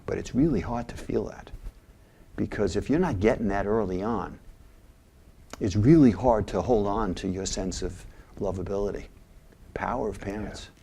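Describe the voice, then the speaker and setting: Gravelly and slightly rough, with a lowish pitch, this older man speaks at a moderate pace and pauses often. A onetime mental health agency head, he's an interview guest telling stories animatedly, giving voices to the people in them.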